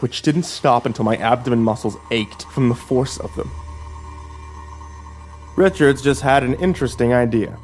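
A man narrating a first-person horror story in a low, subdued storytelling voice. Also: darkish tone.

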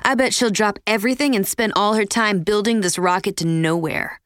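Woman narrator playing a loud, scheming teen girl, hammy delivery, dry sound. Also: mid-range voice, a little fast, clear, resonant tone, no echo, close to an everyday voice. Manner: loud, theatrical. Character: bold, scheming teenage girl.

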